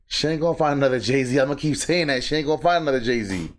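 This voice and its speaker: Dude doing reaction commentary, blunt and mocking, cusses a lot, talks straight to viewers. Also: male voice, lively intonation, fast talker, few pauses. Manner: blunt, mocking, sings snippets in a high voice.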